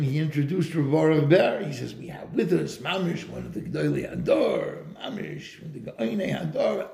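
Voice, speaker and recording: A man's voice: on the high side, gravelly, a little mellow, roomy sound. A man giving a Torah lecture in English, weaving Hebrew and Yiddish terms into his storytelling. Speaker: Torah teacher.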